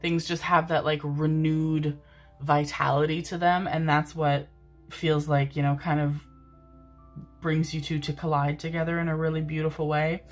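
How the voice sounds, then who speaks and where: A woman's voice: deep voice, level tone, moderate pace, faint music behind. A woman giving a casual tarot reading to the camera, affectionate and rambling, calling her viewers "my babies". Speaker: tarot reader. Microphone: desk microphone, seated in a chair.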